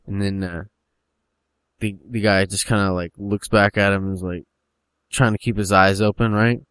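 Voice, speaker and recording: Male storyteller, low voice, meandering delivery, dry recording. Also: steady tone, normal speed, pauses often, fairly bright tone, clear, resonant tone, no room sound. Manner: rambling, full of fillers. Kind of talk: casual storytelling chat.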